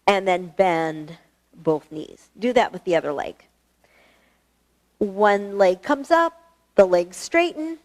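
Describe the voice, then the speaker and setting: Woman, yoga instructor, live online class, chatty, encouraging, slightly out of breath. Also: mid-range voice. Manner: chatty, encouraging, laughs often. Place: fitness studio.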